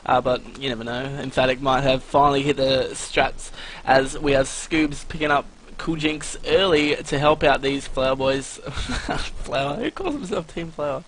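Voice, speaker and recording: A man calling a live shooter match with quick asides, small jokes and self-corrections. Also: mid-range voice, level tone, fairly bright tone, slight background noise, rough recording. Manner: chatty, joking, corrects himself. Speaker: esports commentator. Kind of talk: live esports play-by-play commentary.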